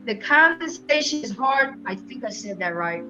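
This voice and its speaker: High-voiced emphatic woman host. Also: expressive, moderate pace, music in the background, rough recording. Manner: emphatic and storytelling. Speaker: show host. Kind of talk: casual panel debate.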